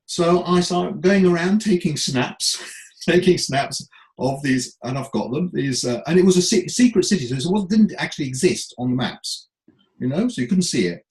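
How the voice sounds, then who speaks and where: A middle-aged man, a comedy writer, telling anecdotes in an animated, self-deprecating way. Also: a little high, moderate pace. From England. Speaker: guest, comedy writer and speaker. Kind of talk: anecdotal storytelling. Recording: roomy echo.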